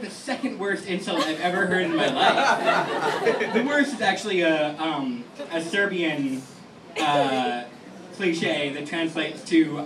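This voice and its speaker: A young man in his twenties tells stories on a lounge stage, rambling and self-deprecating, his voice sitting a touch high. The recording catches him from across an echoey room. Steady noise hangs under everything. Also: slow, recorded from a distance, over a noisy crowd. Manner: rambling, self-deprecating, many fillers and restarts. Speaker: stand-up comedian. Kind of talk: stand-up comedy set. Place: small lounge venue with a live audience. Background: room ambience and audience noise.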